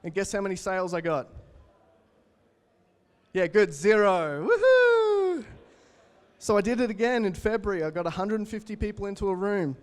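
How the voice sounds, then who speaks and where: A young Australian man in his twenties gives an energetic motivational keynote talk, telling stories and addressing the audience directly. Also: sits high, very fast, few pauses. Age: 20s. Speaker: keynote speaker.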